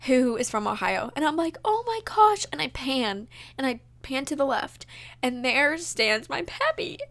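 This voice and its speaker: A young woman with a fairly high voice tells a personal story in an excited, gushing rush, peppering it with "like" and "you know." She sounds emotional and near tears as she recounts it. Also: normal speed, vocal fry. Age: young adult. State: tearful. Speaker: vlogger. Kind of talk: casual storytelling.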